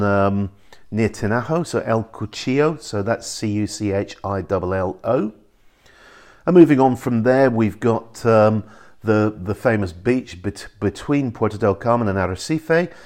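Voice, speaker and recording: A man's voice: fairly low pitch, measured pace, darkish tone. A man hosting an island information site, recording a casual voice message that explains pronunciation, chatty and explanatory with frequent ums and restarts.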